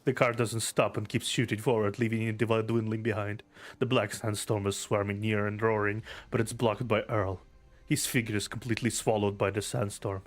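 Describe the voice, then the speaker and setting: A man's voice: on the low side, level tone, brisk. A man streaming a game, reading the story text aloud and chatting, laughing and swearing easily, a bit teary-eyed.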